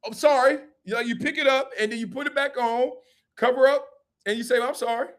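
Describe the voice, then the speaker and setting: On a live-streamed sports and culture talk show, the male host reacts to a clip with animated slang and frequent laughter. His voice is very high and fast.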